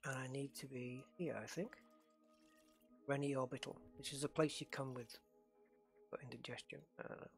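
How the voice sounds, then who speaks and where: This middle-aged English-accented streamer from northeast England rambles casually while playing a game at his desk at home, often interrupting himself. His gravelly, medium-pitched voice stays fairly even at normal speed, with long pauses and soft music in the background.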